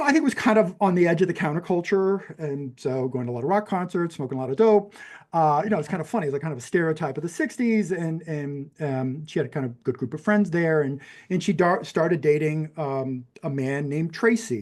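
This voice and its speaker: A man's voice: fairly high pitch, darkish tone. A man in his fifties from New Mexico with a general American accent, a podcast guest telling a personal story in a rambling way, with many fillers and restarts. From New Mexico, USA. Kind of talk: conversational storytelling.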